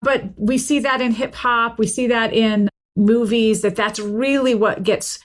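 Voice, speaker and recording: A woman's voice: on the high side, unhurried. A middle-aged woman from the American South, a professor speaking in an articulate, explanatory way during an interview. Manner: articulate, explanatory, steady flow. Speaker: linguistics professor and author, guest. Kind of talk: casual interview talk.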